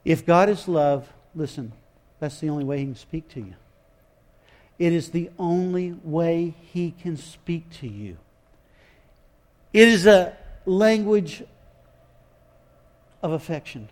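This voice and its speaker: A man's voice: a little high, animated, takes it slowly, pauses often, darkish tone. A man preaching a sermon in an emphatic, folksy way, often repeating his phrases.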